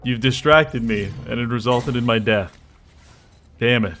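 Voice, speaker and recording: A young man streaming a game, chatting casually with jokes and sudden excited exclamations as he plays. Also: medium pitch, a little slow, slight background noise. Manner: rambling, joking, bursts into excited exclamations. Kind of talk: casual live gameplay commentary.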